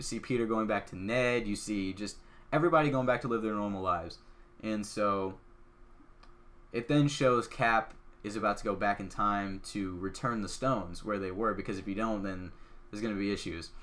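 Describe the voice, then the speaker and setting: A podcast host, a man, talks through a film's plot in an eager, rambling way, with lots of "like" fillers. His voice sits somewhat low. He sounds casual and caught up in the story. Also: normal speed. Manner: excitable, chatty, lots of "like" fillers. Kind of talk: casual movie recap.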